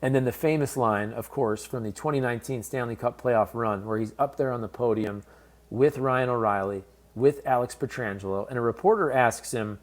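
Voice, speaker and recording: Talking at normal speed in a medium-pitched voice, a sports commentator from St. Louis weighs in on a hockey trade. He's conversational and candid, addressing the fans directly.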